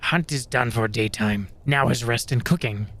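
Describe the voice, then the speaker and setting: A man voicing a gruff male goblin who speaks in clipped, broken phrases. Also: mid-range voice, normal speed, fairly bright tone, pitched below the performer's own voice.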